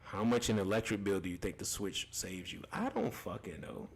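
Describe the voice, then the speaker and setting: A man's voice: sits low, moderate pace, vocal fry. A young man hosting a casual gaming livestream, reading chat comments aloud, loose and profane, laughing often and repeating himself.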